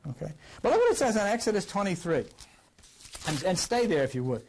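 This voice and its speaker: An older man teaching a scripture class in a rambling, conversational way, his voice a little rough from a recent cough and swinging between loud and quiet. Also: sing-song, brisk, slight background noise. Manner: rambling, conversational, with wide swings in pitch and loudness. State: recovering from a cough. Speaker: lecturer.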